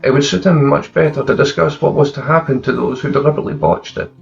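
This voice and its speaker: A man narrating crime fiction in a steady, gravelly voice. The recording is slightly dull, and a faint guitar plays beneath him throughout. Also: fairly high pitch, quick pace, distant mic. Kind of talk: dark crime fiction reading.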